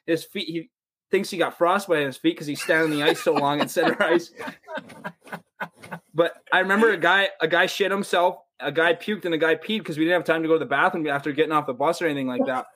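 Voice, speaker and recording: Man, 20s, American accent, slightly high voice, casual storytelling, profane, animated quotes. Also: fast talker. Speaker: podcast guest, pro hockey player.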